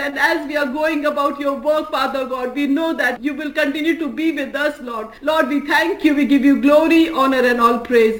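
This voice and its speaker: A woman's voice: sits high, a bit bright. A woman leading a fervent spoken prayer for a radio ministry, repeating "Father God" between phrases and reading scripture aloud. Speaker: prayer leader. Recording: echoey room.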